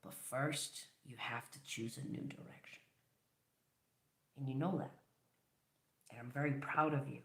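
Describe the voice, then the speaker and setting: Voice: mid-range voice, fairly even intonation, a little slow, gravelly, pauses often, roomy sound. A tarot reader giving a collective reading, talking straight to the viewer in an encouraging, affirming way.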